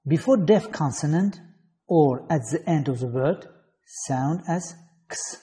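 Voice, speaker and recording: A man's voice: on the high side, measured pace, warm tone. A man from Azerbaijan, an English teacher reading letters and example words one at a time in an online phonetics lesson.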